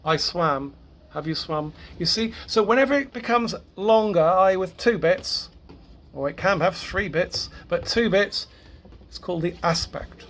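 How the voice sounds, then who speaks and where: A man teaching a grammar lesson to a class, halting, repeating words and correcting himself as he goes. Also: high-pitched, a bit bright.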